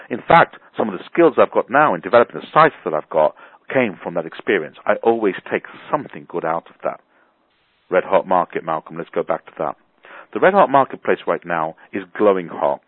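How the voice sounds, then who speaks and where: A man coaching listeners with a blunt, colorful motivational talk. His pitch swings lively up and down, his voice a touch husky. It comes through dry and tinny, as if down a telephone line. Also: a little fast, dry recording. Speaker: business coach. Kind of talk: motivational talk on a phone call.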